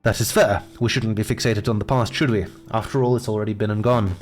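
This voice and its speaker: A man voicing a sly male fox private investigator in a game, speaking in a smooth, courteous, knowing way over faint game music. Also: on the low side, fairly even intonation, fast talker, natural voice. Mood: suave.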